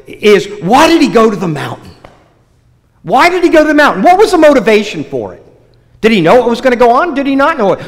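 High, lively preacher in a reverberant hall. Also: male voice. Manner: lively storytelling with many restarts. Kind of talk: sermon opening with a joke.

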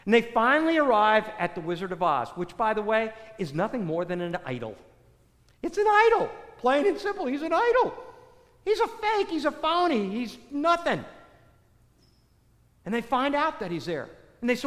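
A man preaching a sermon in an animated way, asking rhetorical questions and repeating phrases for effect. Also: high-pitched, moderate pace. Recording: echoey hall, long reverb.

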